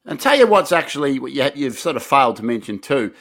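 An Australian man in his thirties co-hosts a casual comedic podcast, bantering in a laid-back way and rambling through restarts. His mid-range voice is very animated, a bit bright, and quick-paced.

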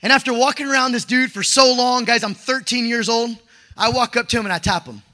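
A young man telling a personal testimony in an excitable, slangy way, often breaking into shouts. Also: very high-pitched, fairly quick. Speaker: storyteller sharing a testimony.

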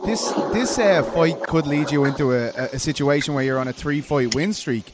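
A man's voice: on the high side, moderate pace, heavy background noise. A man hosting an interview, asking hesitant questions full of fillers. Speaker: podcast host. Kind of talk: casual interview chat.

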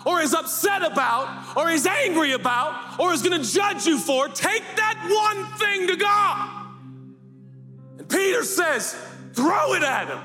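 High-voiced preacher man, echoing hall. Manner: impassioned, swings from hushed to shouting; sing-song preaching cadence. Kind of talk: sermon. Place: church sanctuary. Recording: echoey hall with music behind.

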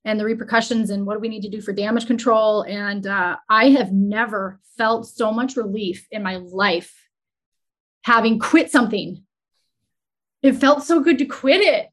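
A woman entrepreneur talking openly as a guest, retelling a stressful stretch in an earnest, emotional, halting way. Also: mid-range voice, fairly even intonation, a bit bright. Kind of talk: candid conversational storytelling.

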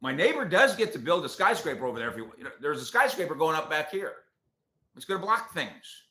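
A man hosts a casual sports talk show and rants opinionatedly at listeners. His voice is bright and forceful. The room has a noticeable echo. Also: fairly high pitch, big pitch swings, fairly quick.

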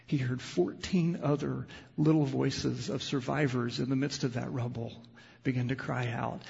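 A male pastor preaching a sermon, moving between loud, impassioned emphasis and quiet, hushed storytelling. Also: medium pitch, steady tone, moderate pace, gravelly, breathy edge. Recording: lo-fi sound with long hall reverb.

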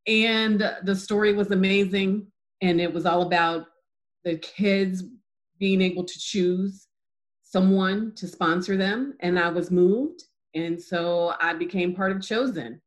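A woman as an interview guest, telling a personal story in a lively way, acting out dialogue and laughing easily. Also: unhurried. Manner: animated storyteller, acts out dialogue with lively pitch jumps. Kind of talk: casual testimony interview.

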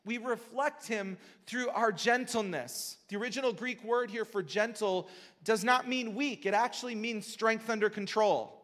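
A man with a high, bright speaking voice delivers a sermon to his congregation. He shifts from hushed, gentle teaching to loud, passionate calls. His voice rings with a long reverb from the church hall. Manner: swings from quiet intimate teaching to loud passionate exhortation. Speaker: pastor. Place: church sanctuary.

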